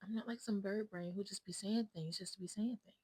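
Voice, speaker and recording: A woman's voice: medium pitch, steady tone, fairly quick, dark tone, slightly rough, dry recording, low-quality recording. A woman vlogging in a casual, rambling chat to her viewers. She talks bluntly and often drops to a whisper.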